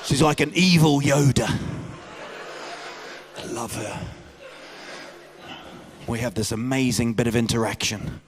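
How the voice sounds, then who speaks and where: A man doing a stand-up comedy routine on stage, telling stories and bursting into loud shouted impressions of the people in them. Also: mid-range voice, a little slow, long pauses, slight background noise. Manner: animated storyteller, mimics people with loud shouted voices. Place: comedy stage before a live audience.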